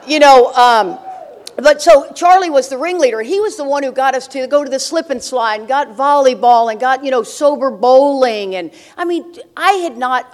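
An older woman speaking at a recovery meeting, telling stories with brash, joking humor and frequent laughter. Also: high voice. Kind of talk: humorous storytelling talk to an audience.

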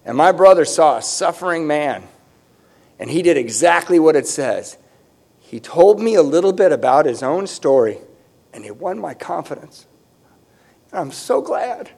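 A man's voice: medium pitch, vocal fry, darkish tone. A middle-aged man giving a personal recovery testimony at a conference, conversational and self-mocking, now and then raising his voice for emphasis.

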